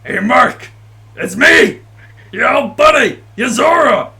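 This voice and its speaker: A man voicing a huge, boisterous shark-man pirate with a loud, gruff voice and rowdy, hearty banter. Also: on the high side, measured pace, full character voice. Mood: hearty greeting.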